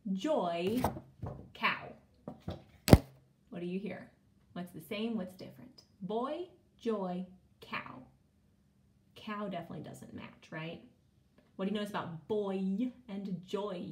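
Slow sing-song woman teaching phonics. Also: medium pitch, reverberant. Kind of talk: online phonics lesson for young children.

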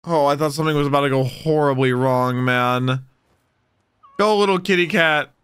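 A man's voice: on the high side, moderate pace, clean tone, no echo. A young man giving casual, emotional commentary while reacting to an anime episode, often calling out "bro". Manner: excitable, emotional, says bro a lot.

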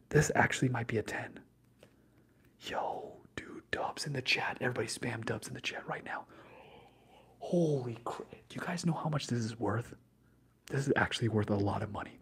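A young ASMR streamer with a fairly low, slightly rough voice whispers through his livestream as he opens trading card packs. Slangy and keyed up, he sometimes bursts into loud hype.

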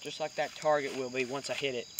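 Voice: mid-range voice, steady tone, fast talker. A hunting vlogger, chatting to viewers and whispering while stalking in the woods. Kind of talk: chatty outdoor hunting vlog. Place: outdoors in woods. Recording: outdoor noise with crickets. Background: crickets and insects.

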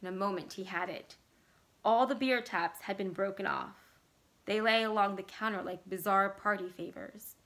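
Brief: woman narrator, bright tone, average pitch, steady expressive horror read-aloud. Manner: measured, expressive storytelling. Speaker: library staff reader.

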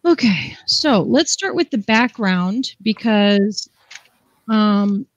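A woman's voice: medium pitch, lively intonation, takes it slowly, highs cut off. A woman hosting a live craft demonstration, chatty and enthusiastic, explaining each step. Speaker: craft show host.

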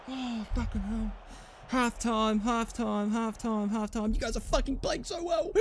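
A young man with a very high voice, yelling and swearing his way through live game commentary. His speech swings between shouting and muttering. There is a faint hum of room noise behind him. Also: a little fast. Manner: excitable, swearing, commentating on his own match. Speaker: gaming YouTuber.

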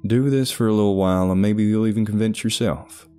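A man playing a patient therapist who reassures and gently insists, pitched well above the narrator's low voice. The tone stays mellow and dark, with faint music beneath the story. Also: brisk, clear, resonant tone, natural voice. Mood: reassuring. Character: calm, persuasive male therapist.

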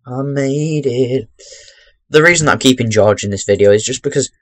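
A young man giving chatty, rambling commentary while playing a video game into his webcam microphone, breaking into sudden loud exclamations. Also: lowish voice, very fast, no echo. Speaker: gaming commentator. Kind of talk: chatty let's-play commentary.

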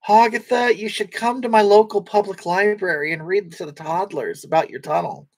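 A brash, crude middle-aged woman, put on by a man, who rambles through a comic livestream with a breathy, halting voice. She keeps restarting her sentences as she reads out chat comments, easily wounded and quick to take offense. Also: sits high. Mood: rambling. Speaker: livestream host reading comments.

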